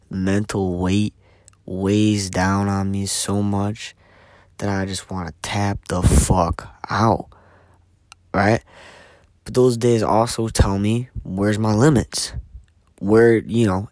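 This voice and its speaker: A man talks through his week in a candid, emphatic vlog, cursing freely and sinking to hushed near-whispers at times. His voice sits low. The recording is dry and close, with no room sound. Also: dry recording. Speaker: vlogger. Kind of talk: candid personal reflection to camera.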